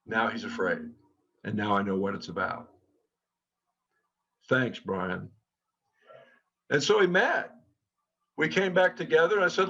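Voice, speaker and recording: A man's voice: on the low side, measured pace, pauses often. Earnest storytelling man, dull lo-fi sound. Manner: earnest, quotes people in lively tones. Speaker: co-founder and trainer. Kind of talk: storytelling talk.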